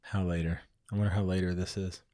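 A man's voice: deep voice, little pitch movement, fast, dark tone, no room sound, studio quality. A man co-hosting a podcast, chiming in with joking, playful remarks. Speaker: podcast co-host.

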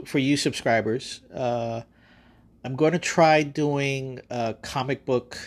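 A man hosting a podcast, casually recapping his own stories in a loose, rambling way with frequent fillers and swearing. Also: mid-range voice. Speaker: podcast host. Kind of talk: casual storytelling monologue.

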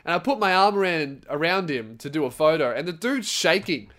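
Sweary young man, slightly high. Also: a little fast. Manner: swearing, rambling, animated storytelling. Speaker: podcast host, comedian. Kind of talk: casual solo podcast monologue.

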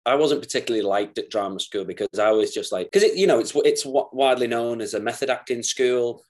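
A man's voice: mid-range voice, quick pace, darkish tone. A young man, an actor and podcast guest, telling rambling, giddy stories in casual chat. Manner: rambling, giddy, laughs through his stories.

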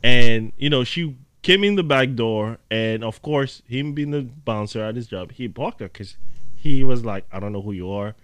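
A man in casual chat, telling stories with lively acted-out quotes. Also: medium pitch, measured pace, clear, resonant tone, no room sound. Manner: animated storyteller acting out quotes.

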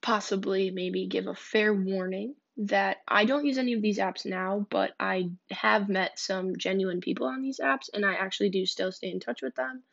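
Young woman with a gravelly vocal fry. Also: medium pitch, fairly even intonation, moderate pace, hardly any pauses, fairly bright tone. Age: young adult. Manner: candid, blunt, swears freely. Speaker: podcast host. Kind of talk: casual storytelling podcast. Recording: dull lo-fi recording.

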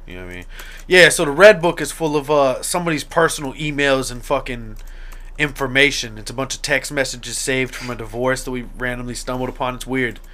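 A man hosting a casual podcast, loud and profane, who jokes around and ribs his guests. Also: mid-range voice, a little fast. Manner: loud, profane, joking ribbing. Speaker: podcast host.

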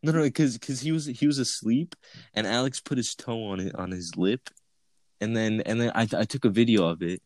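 A man co-hosting a podcast, telling stories in a quick, joking way and laughing often. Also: mid-range voice, darkish tone, no room sound. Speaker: podcast co-host. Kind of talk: casual chat.

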